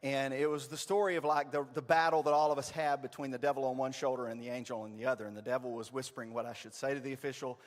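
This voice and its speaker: A man, preaching a storytelling sermon in a church, animated and self-deprecating. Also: medium pitch, quick pace, hardly any pauses. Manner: animated, self-deprecating, quotes family in voices. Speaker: pastor. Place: church sanctuary. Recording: long reverb of a church hall.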